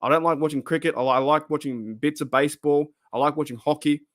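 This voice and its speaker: An Australian man in his 30s hosts a casual livestream, rambling and swearing as he responds to chat, his voice growing worn. He talks fast in a fairly high, fairly bright voice with fairly even intonation, captured as clean studio sound with no echo.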